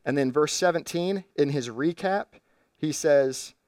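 A man's voice: on the high side, measured pace, a little mellow, dry recording, studio quality, distant mic. A man preaching a sermon from a church stage, teaching his congregation step by step in an earnest way. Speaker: pastor.

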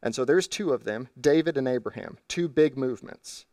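Pastor preaching from a distant mic. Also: male voice, mid-range voice, normal speed, darkish tone, dry recording, clean studio sound. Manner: earnest, teaching step by step. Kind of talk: sermon. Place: church stage.

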